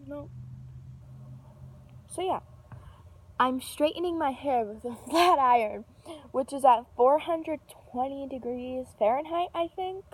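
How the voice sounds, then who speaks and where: A woman's voice: high-pitched, takes it slowly, long pauses. A young woman telling a casual storytime vlog, rambling with fillers and restarts, swearing freely. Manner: animated, yells when reenacting an argument.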